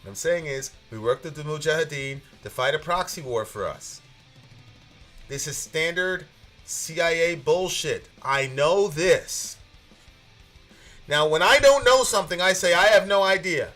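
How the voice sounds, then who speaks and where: A man in his thirties, a podcast co-host, giving animated, emphatic political commentary that rambles with restarts. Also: a little high, unhurried, faint music behind.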